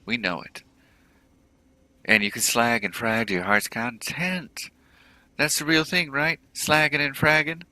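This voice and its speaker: A man voicing a jittery male orc drug dealer, pitched well above his own voice, with repetitive, hyped salesman patter. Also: steady tone, a little slow, long pauses, sharp tone, no echo.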